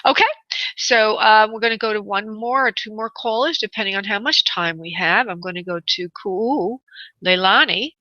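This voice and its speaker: Woman radio psychic host, bright tone, affectionate and tender, dull lo-fi radio sound. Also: mid-range voice, normal speed, no room sound. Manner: tender, affectionate, calls callers honey and sweetheart. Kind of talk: live radio psychic reading.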